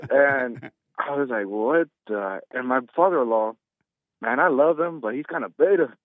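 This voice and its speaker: A man's voice: mid-range voice, normal speed, no echo. A man calling in to a radio show who chats casually, hesitates with frequent ums, and laughs easily. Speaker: caller. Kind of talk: casual phone-in chat. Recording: tinny phone line.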